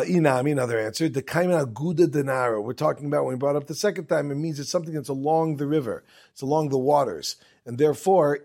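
A man's voice: fairly high pitch, a little mellow. A man teaching a Talmud class, reading each passage aloud and then explaining it in casual English, with asides and restarts.

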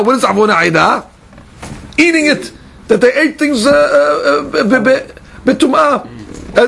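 A man teaching a Talmud lesson in an animated, questioning way, often repeating words and mixing in Hebrew and Aramaic terms. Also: high-pitched, creaky, husky.

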